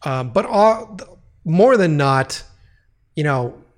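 A man's voice: a little high, expressive, slow. A man telling a long casual story, profane and rambling, with frequent restarts.

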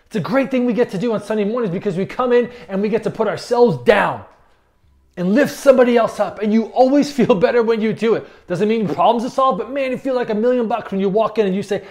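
A man's voice: high-pitched, fairly quick, a little mellow. A man preaching a sermon as a pastor, conversational and emphatic, often restarting his phrases.

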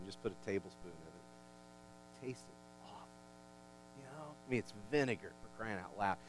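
Male pastor, sermon delivery, emphatic swells and homey humor; faint mains hum on the track. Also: poor audio. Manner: animated, rising in pitch and volume for emphasis, folksy asides and jokes.

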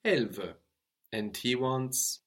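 A man's voice: medium pitch, slow, a bit bright. A man teaching a spoken language lesson, explaining patiently, spelling out words and checking in with a questioning "no?".

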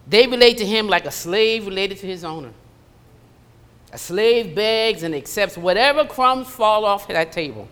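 A woman's voice: mid-range voice, fairly bright tone. Woman preaching in a reverberant church. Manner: conversational preaching with acted asides. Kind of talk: sermon. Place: church sanctuary. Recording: long hall reverb.

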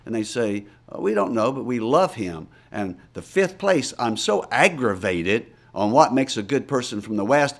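A man's voice: mid-range voice, normal speed, hardly any pauses. A man, a missionary guest telling stories in an interview and acting out the people he quotes. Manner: animated storyteller, acts out quoted voices. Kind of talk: storytelling interview answers.

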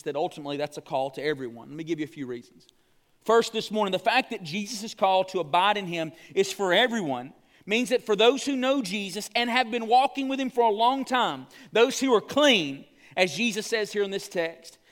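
A man preaching a sermon as pastor, earnest and speaking straight to his church, slowing down on key phrases. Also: sits high, fairly bright tone. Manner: earnest, addresses the congregation directly.

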